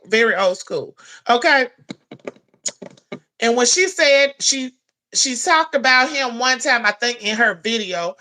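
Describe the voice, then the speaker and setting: Blunt, bright-voiced woman ranting. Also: high-pitched. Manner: blunt, profane, scolding. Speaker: commentary vlogger. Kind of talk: heated commentary rant.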